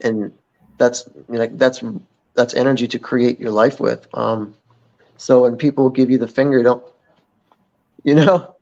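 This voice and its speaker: A man as a guest in a casual interview chat, speaking in a reflective, unhurried way with many fillers. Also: mid-range voice, steady tone, darkish tone. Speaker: podcast guest. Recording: dull lo-fi audio.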